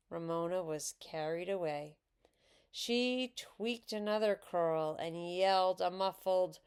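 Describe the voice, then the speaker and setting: Woman reading a children's book aloud, slow and lively in pitch. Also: smooth. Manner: expressive, unhurried. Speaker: reader.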